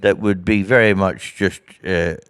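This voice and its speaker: A man with a Northern Irish accent spins stories in a casual interview, his voice sitting fairly low. He acts out the people in his stories as he goes. The sound is dry and close, with no room around it. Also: measured pace, clear, resonant tone, no echo. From Northern Ireland. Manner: animated storyteller who acts out other people's voices. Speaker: guest comedian.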